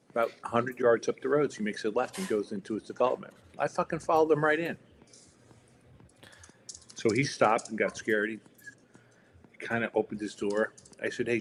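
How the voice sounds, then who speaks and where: A man's voice: medium pitch, a little hiss or hum. A man on a day-trading live stream, telling stories in a rambling, profane, casual way.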